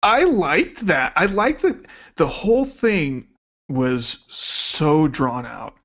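A man's voice: fairly high pitch, big pitch swings, slow, a bit bright, dull audio. A man co-hosting a podcast, casually chatting about a movie and agreeing along. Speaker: podcast co-host. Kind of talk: casual film discussion.

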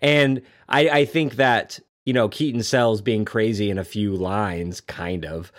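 Male film-chat co-host, animated, growls quoted lines. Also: measured pace. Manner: acts out movie lines in low growls, animated. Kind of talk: casual film discussion.

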